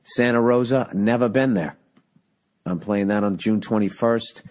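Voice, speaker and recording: A man's voice: on the low side, measured pace, a little mellow. A man in his forties hosting a podcast in a casual, profane, rambling chat, cracking jokes as he goes. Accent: Boston. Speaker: podcast host.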